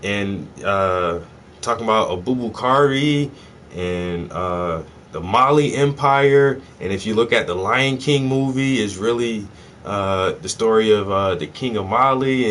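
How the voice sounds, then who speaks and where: A low-voiced man with a drawl rants casually to the camera, swearing freely and tossing in "yo" and "bruh". His talk is loose and excitable, with a faint hum of noise in the background. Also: measured pace. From South Carolina, US. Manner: profane, excitable, peppered with "yo" and "bruh". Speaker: host. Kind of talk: casual monologue.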